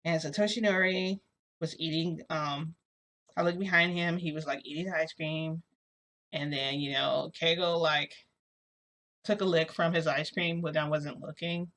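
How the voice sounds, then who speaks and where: A woman's voice: deep voice, steady tone, unhurried, a bit bright. A woman vlogger casually retelling a story in a rambling way, full of fillers. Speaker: shifting vlogger.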